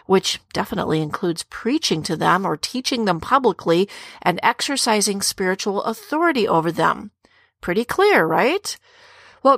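A middle-aged woman teaches scripture on a podcast in an earnest, direct way, talking straight to her women listeners. Her voice sits at an ordinary middle pitch. It is recorded close and dry, with no room sound. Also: a bit bright, dry recording.

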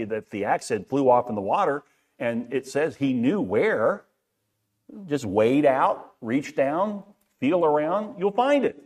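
A man's voice: mid-range voice, husky. Man preaching a conversational sermon. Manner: conversational, repeats words, asks rhetorical questions. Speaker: pastor.

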